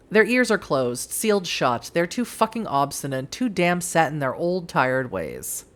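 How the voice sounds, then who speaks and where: Expressive woman reading a game story aloud. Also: low voice, a little slow, hardly any pauses. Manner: expressive, swears freely, laughs at the game. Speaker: let's play host.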